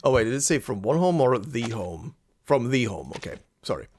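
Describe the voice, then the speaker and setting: A man's voice: mid-range voice, very animated, fairly quick, a little mellow. A man hosting a let's play, reading game text aloud and reacting with amusement. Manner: amused, laughs at the game often.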